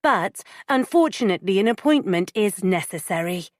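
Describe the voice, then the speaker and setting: A woman voicing a young female bank assistant with a bright, rehearsed politeness in an audiobook. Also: mid-range voice, expressive, normal speed, no echo, clean studio sound, natural voice. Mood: polite.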